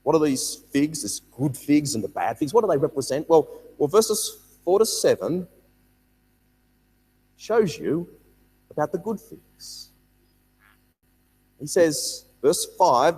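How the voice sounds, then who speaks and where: A man teaching a Bible study, reading scripture aloud and explaining it with lively emphasis and repeated words. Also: a little high, takes it slowly, long pauses, slightly rough, big-room sound.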